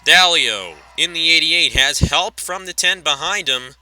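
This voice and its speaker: Bright-voiced male race caller. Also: a little high, expressive, poor audio. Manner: rapid call with self-corrections and chatty asides. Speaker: race commentator. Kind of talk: play-by-play race commentary.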